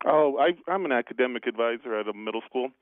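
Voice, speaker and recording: A man talks quickly and eagerly on a call-in line, stumbling through his explanation with fillers. His voice comes through a thin, tinny phone line with a dry sound. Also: mid-range voice, expressive, dry recording. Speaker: caller. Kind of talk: casual phone call to a radio show.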